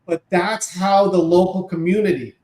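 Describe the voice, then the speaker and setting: Man, high voice, echoey room, blunt, wry, talk show host. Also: level tone, normal speed, a little mellow. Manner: blunt, wry, addresses viewers as guys. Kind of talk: casual political chat.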